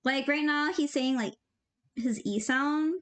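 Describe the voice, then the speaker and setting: A woman's voice: sits high, takes it slowly, fairly bright tone. A young woman and animator chatting casually as she works, rambling and joking while handing out offhand tips. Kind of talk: casual commentary while working.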